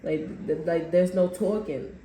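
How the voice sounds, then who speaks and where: A woman's voice: on the low side, steady tone, unhurried, mellow. A woman giving a casual tarot reading, rambling in loose slang and acting out what people say. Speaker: tarot reader. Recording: echoey room with faint background noise.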